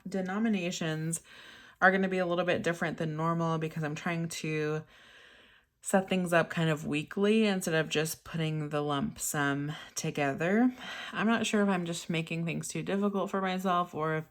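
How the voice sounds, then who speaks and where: Low-voiced chatty woman vlogger. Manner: chatty, laughs often, many ums. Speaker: budgeting vlogger. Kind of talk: casual chat to camera. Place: home desk in craft room.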